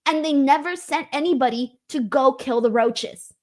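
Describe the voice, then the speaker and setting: A woman's voice: high-pitched, normal speed. A woman hosting a show, chatting casually and acting out quotes as she tells stories. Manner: animated storyteller, acts out quotes. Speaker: host. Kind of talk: casual chat.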